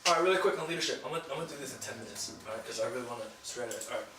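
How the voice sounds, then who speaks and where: A young man leading a group, talking casually and quickly with many "like"s and "right?"s. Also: mid-range voice. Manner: fast, filler-heavy talk with lots of "like" and "right?". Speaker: campus ministry leader. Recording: echoey room, far from mic, noisy.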